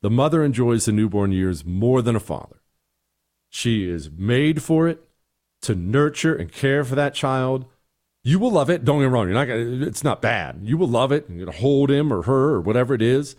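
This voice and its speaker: A man's voice: medium pitch, expressive, moderate pace, darkish tone. A middle-aged man hosting a talk show, giving blunt, exasperated opinions and answering listener emails.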